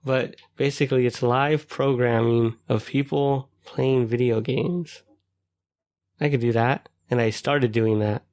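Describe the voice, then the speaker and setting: A man's voice: medium pitch, steady tone, a little slow, a little mellow. A man co-hosting a podcast in casual chat, rambling with lots of fillers and frequent laughter. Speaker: podcast co-host.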